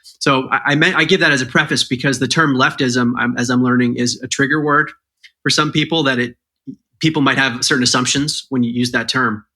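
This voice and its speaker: A man appearing as an author guest on a podcast, explaining his points in a measured, step-by-step way. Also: medium pitch, fairly even intonation, bright, forceful tone.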